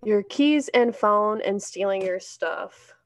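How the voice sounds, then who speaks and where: A woman's voice: mid-range voice, slow. A young woman co-hosting a podcast in casual chat, candid and laughing often, swearing freely. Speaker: podcast co-host.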